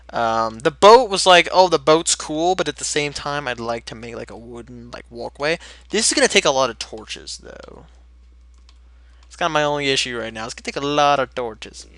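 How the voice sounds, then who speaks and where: A man's voice: on the high side, pushed and bright, no echo. A young man, rambling energetically as he chats through a gameplay commentary. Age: late teens. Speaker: Let's Play host.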